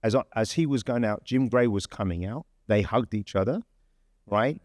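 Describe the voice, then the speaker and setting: An English man with a fairly low voice tells a story in a loose, conversational way. He restarts sentences and leans on fillers as he goes. The sound is close and dry. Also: normal speed, a little mellow, no echo. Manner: chatty, rambling storyteller with many fillers and restarts. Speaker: podcast host. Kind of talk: casual anecdote telling.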